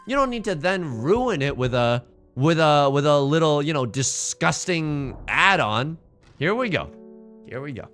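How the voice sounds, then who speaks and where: A man's voice: on the high side, fairly bright tone. A man streaming a game, joking around and reading the game's text aloud in silly voices. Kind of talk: casual game commentary.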